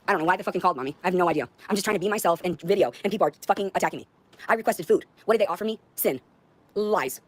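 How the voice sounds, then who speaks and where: Woman in her 30s, rapid-fire profane livestream rant, slightly low pitch. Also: darkish tone, dry recording. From United States. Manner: agitated, profane and accusatory.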